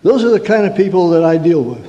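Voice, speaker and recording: A man's voice: on the high side, expressive, fast talker, mellow, muffled recording. A man who works as a counselor, giving a humorous sermon-style talk with stories and rhetorical questions. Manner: storytelling, rhetorical questions, mock-angry asides. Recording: reverberant hall.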